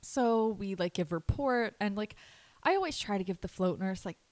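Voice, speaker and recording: A woman's voice: mid-range voice, expressive, moderate pace, darkish tone. A woman in her twenties, co-hosting a casual podcast chat, talking in a chatty way with swearing and laughs. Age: 20s. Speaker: podcast co-host.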